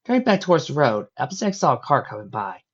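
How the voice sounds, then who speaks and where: Low-voiced woman reading a story. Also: sing-song, quick pace, husky, highs cut off. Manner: low, plain narration with small slips. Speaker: reader of fan fiction.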